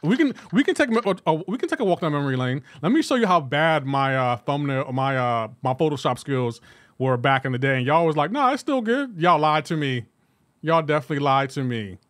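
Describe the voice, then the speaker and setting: A man livestreaming gameplay and chatting with his viewers, animated and incredulous and laughing often. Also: fairly high pitch, fairly quick, dry recording. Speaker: gaming livestreamer. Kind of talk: live gameplay commentary with chat.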